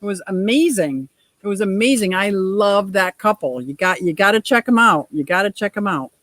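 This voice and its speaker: A woman's voice: medium pitch, lively intonation, moderate pace, a bit bright, no room sound, low-quality recording. A middle-aged woman hosting a casual livestream chat, reading out viewer comments and laughing often. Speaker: livestream host.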